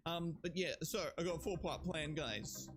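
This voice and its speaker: Speaking at a moderate pace in a fairly high voice, this man chats casually on a live stream. He rambles, cracks jokes, curses and gives viewers shout-outs, his throat sounding somewhat strained and sore over background music.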